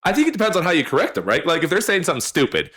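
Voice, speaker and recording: Man, podcast co-host, bright tone, rambling jokey delivery, slight distortion. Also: a little high, big pitch swings, rapid-fire, slightly rough. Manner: rambling, jokey, trails off into tangents. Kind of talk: casual chat.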